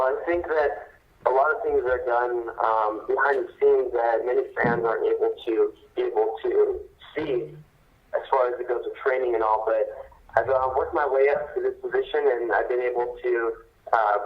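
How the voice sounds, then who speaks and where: A young man in his late teens, a boxer, answering interview questions in a measured, earnest way with many pauses and ums. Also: medium pitch, steady tone. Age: young adult. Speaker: professional boxer guest. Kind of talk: phone interview. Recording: dull phone line.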